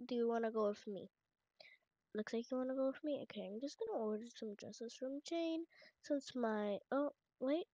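A woman's voice: on the high side, normal speed, warm tone, no room sound. Chatty woman host narrating a casual game story; dry, dull lo-fi home recording. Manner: chatty, rambling, talks aloud as she plays. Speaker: channel host. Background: family noise in the home.

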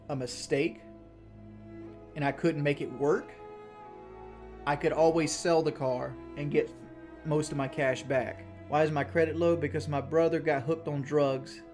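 A man talking casually on a live stream, venting his frustration, swearing a lot and often restarting his sentences. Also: mid-range voice. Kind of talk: casual live-stream talk, answering chat.

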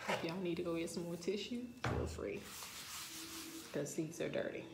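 A woman's voice: fairly low pitch, a little slow, gravelly. A woman giving an informal, live-streamed spiritual talk to the camera, speaking straight to her viewers in a chatty way. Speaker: spiritual reader. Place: indoor room. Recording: echoey room, faint background noise.

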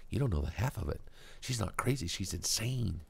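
A man's voice: lowish voice, expressive, brisk, gravelly, slightly rough, exaggerated voice. A man voicing a foul-mouthed, cocky boy who talks about himself in third person.

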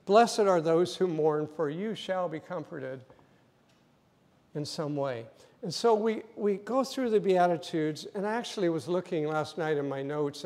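Storytelling pastor in a reverberant hall. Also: male voice, on the high side. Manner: storytelling, acting out scenes, swells to loud emphasis. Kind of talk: sermon. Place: church sanctuary.

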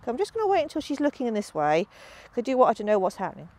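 Woman dog trainer, high animated voice, explaining outdoors with sing-song praise for the dog. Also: very fast. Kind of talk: instructional demonstration outdoors. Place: outdoors in a field.

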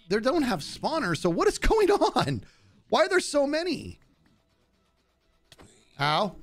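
A man live-streaming a video game, chatting casually and joking at the enemies on screen as he plays. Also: sits high. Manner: animated, jokey, talks to game enemies. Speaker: gaming streamer.

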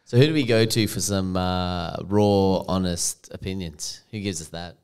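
A man co-hosting a podcast who also plays basketball, talking in a relaxed, rambling way. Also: low-pitched, normal speed, clear, resonant tone. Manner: relaxed, rambling, lots of fillers. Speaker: podcast co-host, basketball player. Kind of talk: casual chat.

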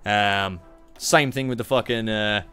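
A man's voice: on the low side, measured pace, fairly bright tone, clear, resonant tone, soft background music. A young Australian man giving rambling, profane, joking commentary on a strategy game during a live stream. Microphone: streaming microphone.

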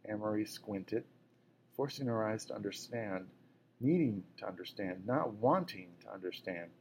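A man with a fairly low voice reads a novel aloud at an even pace, pausing to fix the odd slip. A faint hum of room noise sits under his voice. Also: poor audio. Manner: steady reading with small self-corrections. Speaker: reader.

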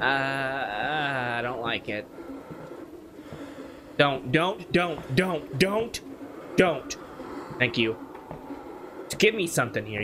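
A man's voice: mid-range voice, background noise. A man giving nervous commentary while playing a horror game, muttering repeated worries and breaking into sudden yelps. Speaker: gaming YouTuber.

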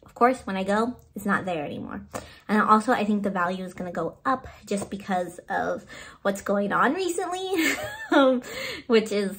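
Woman vlogger, casual chat to camera, excitable and gushing, slightly raspy tone. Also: mid-range voice, normal speed. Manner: gushing and excitable, with frequent laughs. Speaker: vlogger showing a birthday haul. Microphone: phone camera.

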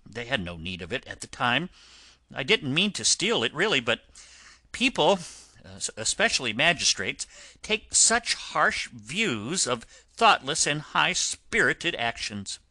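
A man voicing a boastful male toad gentleman who pleads and pities himself, in an audiobook reading. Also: mid-range voice, big pitch swings, measured pace, dry recording, exaggerated voice. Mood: sheepish. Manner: pleading and self-pitying. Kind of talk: audiobook character voice.

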